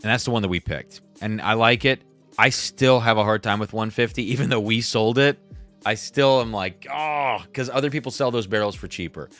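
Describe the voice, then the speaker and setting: A man's voice: fairly low pitch, a little fast, fairly bright tone, soft background music. A man hosting a casual livestream, rambling and self-deprecating as he reads viewer chats aloud. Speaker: livestream host.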